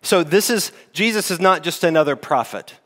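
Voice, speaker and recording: A man's voice: a little high, animated, moderate pace, fairly bright tone. A man preaching a sermon as lead pastor, teaching in a conversational way with rhetorical questions. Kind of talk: expository sermon. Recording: long hall reverb.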